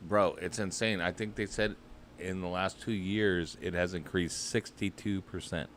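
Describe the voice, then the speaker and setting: A low-pitched man talks in loose, crude banter, swearing freely as he co-hosts a radio show. His voice sits down low, with a faint hum of ambient noise behind it. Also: fairly even intonation, unhurried, a bit bright. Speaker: co-host. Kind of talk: casual chat.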